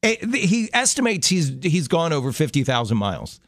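A man's voice: fairly high pitch, big pitch swings, a little fast, no echo. A middle-aged man co-hosting a casual chat show, telling stories in a chatty way with light laughs. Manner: chatty storyteller, light laughs, frequent restarts. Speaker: co-host.

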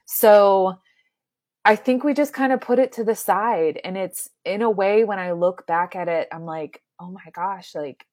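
A woman in her thirties, a mother, chatting casually in a reflective, soft-spoken way with many fillers. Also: mid-range voice, unhurried, no echo, clean studio sound. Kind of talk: casual chat.

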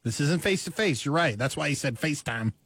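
Husky, wry male radio co-host. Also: on the high side, expressive, quick pace, a bit bright, dry recording. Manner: wry, teasing asides. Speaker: radio morning show co-host. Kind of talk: casual studio banter. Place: radio studio.

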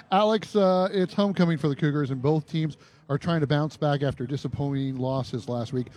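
Brisk man introducing a guest. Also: fairly high pitch, a little mellow. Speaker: radio co-host. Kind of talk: live radio hosting.

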